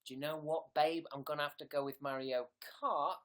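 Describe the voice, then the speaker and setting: A man's voice: fairly high pitch, steady tone, moderate pace. Playful young man on a livestream. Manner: silly, playful. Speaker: livestream host. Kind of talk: casual livestream chat reading comments.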